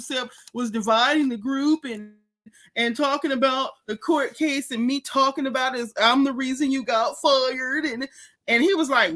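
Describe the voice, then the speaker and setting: High-voiced woman gossiping about a show, loud bright voice, laughs a lot. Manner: animated, laughing, heavy slang. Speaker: host. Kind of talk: casual recap chat.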